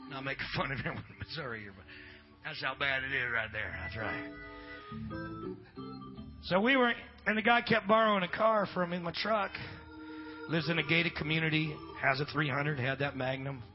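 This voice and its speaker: A middle-aged man preaching a sermon at a church revival, swinging from shouted preaching to chatty storytelling. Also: fairly high pitch, normal speed, pauses often, dull audio, faint music behind. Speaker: pastor.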